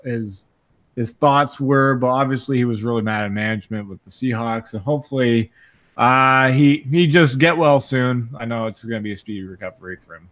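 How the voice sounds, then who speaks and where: A man hosting a casual sports talk show, talking in halting bursts with many restarts. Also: mid-range voice, a bit bright. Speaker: podcast host.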